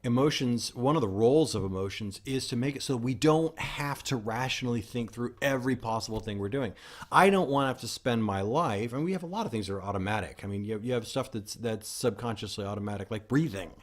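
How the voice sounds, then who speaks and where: A man's voice: mid-range voice, fairly quick. A man hosting a solo podcast, explaining ideas in a rambling way, often restarting and correcting himself mid-sentence. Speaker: podcast host.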